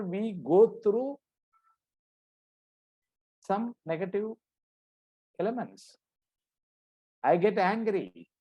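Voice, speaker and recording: A man with a Tamil accent teaching a religious philosophy class. He speaks slowly and explains patiently, asking questions and then answering them himself. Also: high-pitched, darkish tone. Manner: slow, explaining, asks and answers his own questions.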